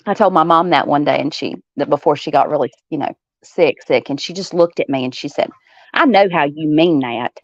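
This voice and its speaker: A woman's voice: low-pitched, a little fast, dry recording, highs cut off. A woman from the American South with a Southern accent, chatting as a guest and acting out the voices of the people in her stories. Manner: storytelling, acts out quoted voices, laughs often. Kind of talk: casual chat.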